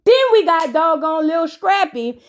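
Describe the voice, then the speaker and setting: Hosting a casual reality TV reaction video, this woman speaks with a very high pitch, lively intonation and a measured pace. She's sassy and gossipy, roasting the cast with blunt asides and calling the listener "girl."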